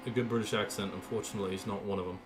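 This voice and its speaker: A young man streaming a racing game, calling the race in an excited play-by-play style and chatting loosely between races. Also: lowish voice, rapid-fire, background noise. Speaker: gaming streamer. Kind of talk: live racing game commentary.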